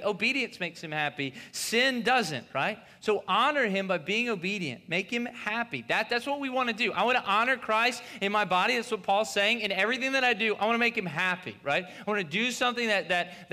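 A man preaches with a high, bright voice that rings out through a hall with a long echo. His delivery is loose and conversational, and he keeps drifting into stories and asides. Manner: conversational, storytelling with many asides. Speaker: pastor. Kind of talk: sermon.

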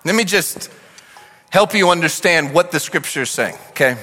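A man preaching a sermon as pastor, animated, swinging from shouts to quiet asides. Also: a little high, moderate pace. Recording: long hall reverb.

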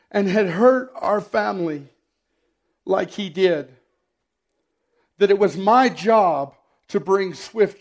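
A middle-aged man preaching a sermon, telling personal stories with dry humor and often clearing his throat. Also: high voice, a little mellow. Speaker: pastor.

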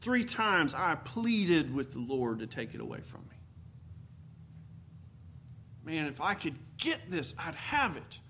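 A man's voice: fairly high pitch, big pitch swings, takes it slowly, long pauses, bright, forceful tone. A man preaching a sermon in a folksy, storytelling manner with dramatic emphasis. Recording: faint background noise.

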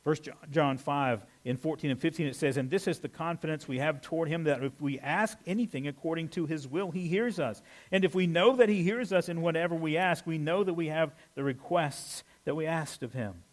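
A pastor preaching a conversational sermon, animated with playful asides. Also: male voice, on the high side.

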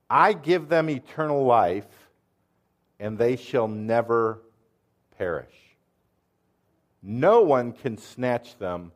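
Guy preaching a sermon, earnest and explaining stuff, quizzes the crowd, middle pitch. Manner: earnest, explanatory, asks the room questions. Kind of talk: sermon with quiz questions to the audience.

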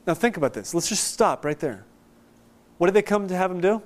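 A man preaching a sermon, explaining scripture in a conversational, animated way and acting out quotes. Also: high-pitched, fairly quick. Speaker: pastor.

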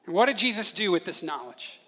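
Bright-voiced, animated male pastor preaching. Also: high-pitched, fairly quick, slightly rough. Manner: animated storytelling, acts out voices of his children. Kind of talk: sermon.

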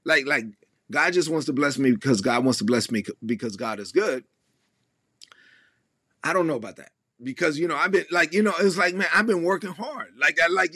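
A man preaching a sermon in a lively, conversational way, acting out the voices of the people he quotes. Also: a little high, dry recording, clean studio sound. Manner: animated, acts out quoted voices. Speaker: pastor.

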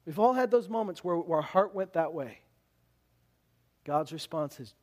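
A man preaching as a pastor in an earnest way, sometimes dropping to a hushed near-whisper. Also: fairly high pitch, expressive, moderate pace, pauses often. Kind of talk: sermon.

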